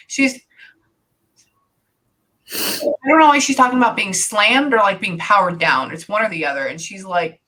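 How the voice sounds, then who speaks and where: A woman's voice: mid-range voice, expressive, normal speed, sharp tone. A woman working as a psychic medium, giving a casual spirit reading and rambling with lots of "like". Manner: rambling, heavy use of "like".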